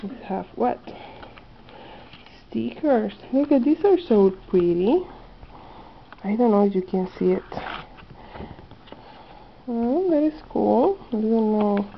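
Woman vlogger, gushing over a haul; slow delivery, dull lo-fi camera sound with faint hiss. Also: on the high side, vocal fry. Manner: excited, gushing, slightly non-native phrasing. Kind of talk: casual haul video. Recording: dull lo-fi home video audio.

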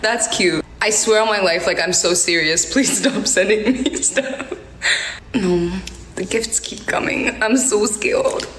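A woman's voice: mid-range voice, measured pace, fairly bright tone, roomy sound, a little hiss or hum. A young woman from Morocco chatting casually on a livestream, giggly and dramatic, laughing often.

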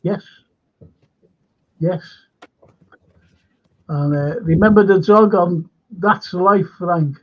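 A man's voice: sits high, extremely slow, long pauses. A man hosting a live stream, reading viewer comments aloud and rambling through chatty anecdotes. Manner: reads comments aloud and chuckles at them. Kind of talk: rambling casual chat and anecdotes. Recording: lo-fi stream audio.

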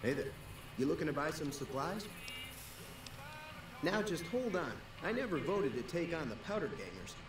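A man's voice: a little high, very animated, moderate pace, long pauses. A man voicing a cautious male shopkeeper in a video game, talking money. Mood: wary. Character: wary male shopkeeper in a wasteland town. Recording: game audio with music, roomy and distant.

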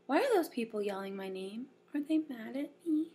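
A woman voicing a small, timid young female animal who asks hushed, anxious questions. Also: on the high side, lively intonation, normal speed, husky, voice pushed up. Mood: worried.

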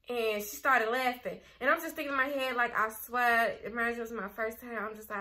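A young adult woman telling a personal story on her vlog, candid and animated, full of filler words. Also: on the high side, moderate pace. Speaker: vlogger. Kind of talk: casual storytime.

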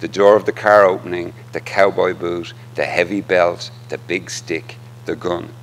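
Male lecturer, academic lecture, deep voice, gravelly. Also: level tone, measured pace, slight background noise. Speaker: literature lecturer.

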